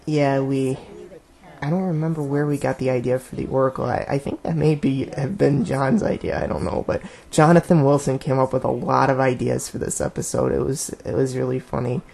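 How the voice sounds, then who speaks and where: A man's voice: mid-range voice, level tone, fairly quick, gravelly, darkish tone. A man giving a casual director's commentary in a rambling, laid-back, self-amused way. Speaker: director of a web series.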